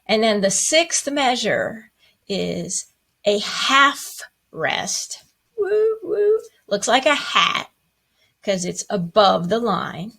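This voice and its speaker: A woman's voice: medium pitch, lively intonation, takes it slowly, creaky, sharp tone, breathy edge. A woman teaching a music lesson, patiently explaining rhythms and chanting the counting syllables with playful asides.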